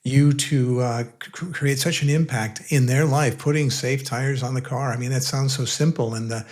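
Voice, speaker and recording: A man's voice: mid-range voice, fairly even intonation, moderate pace, a little mellow. A male interviewer reflecting appreciatively on a guest's story. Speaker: interviewer host.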